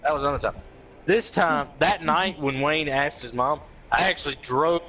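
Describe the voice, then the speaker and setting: A man's voice: a little high, moderate pace, crowd noise, rough recording. A man telling a rowdy story to friends, swearing freely and acting out the quotes. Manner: animated, profane, acts out quotes in raised voices.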